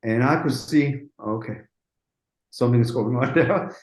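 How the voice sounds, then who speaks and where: A man of middle pitch spins a lively studio anecdote, slipping into the voices of the people he quotes and breaking off for quick asides. He sounds relaxed and conversational, and his voice carries a noticeable room echo. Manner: animated storyteller, acts out dialogue, quick asides. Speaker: music producer telling a studio story. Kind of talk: casual anecdote in an interview.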